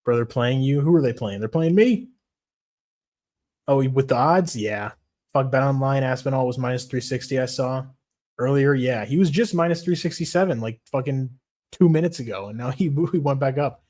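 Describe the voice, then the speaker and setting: Foul-mouthed excitable male streamer. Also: medium pitch, moderate pace. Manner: profane, excitable, reads chat aloud. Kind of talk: casual livestream chat.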